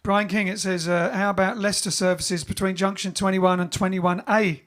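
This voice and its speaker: Hosting a live stream, a man from England talks in a high, level, fairly bright voice at a moderate pace. His style is casual and full of jokes as he reads viewers' comments out loud.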